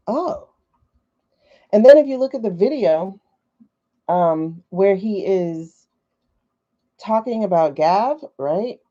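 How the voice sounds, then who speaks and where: A woman's voice: mid-range voice, animated, takes it slowly, long pauses, dark tone. A woman hosting a casual livestream from her phone, chatty and skeptical, thinking aloud with many fillers. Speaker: livestream host. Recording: dull lo-fi livestream audio.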